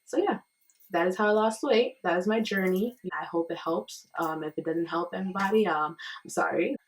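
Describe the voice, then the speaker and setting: Chatty young woman, lowish voice. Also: moderate pace, low-quality recording. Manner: chatty, with many "like" and "you know" fillers. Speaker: vlogger. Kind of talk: casual talk to camera. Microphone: built-in camera or phone mic, no external microphone.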